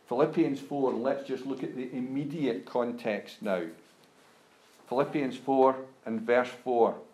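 A man delivers a sermon at an unhurried, deliberate pace and lifts his voice emphatically when reading scripture. His voice sits at a middling pitch and carries a roomy echo, as if recorded in a church hall. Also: fairly even intonation, mellow. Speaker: preacher.

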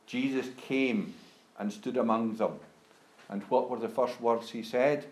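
Slow, deliberate male preacher in a roomy hall. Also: medium pitch, fairly even intonation, a little mellow. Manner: slow, deliberate, emphatic rises when reading scripture. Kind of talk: sermon. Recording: roomy echo.

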